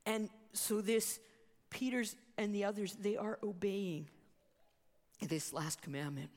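A woman's voice: mid-range voice, steady tone, takes it slowly, a little mellow. A woman preaching a sermon, telling the story with animation and acting out the quoted voices. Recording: long reverb of a hall.

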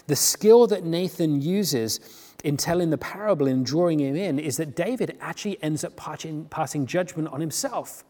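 A man preaching a sermon in a conversational, animated way, often restarting his sentences as he retells a story. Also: a little high, moderate pace. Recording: long hall reverb.

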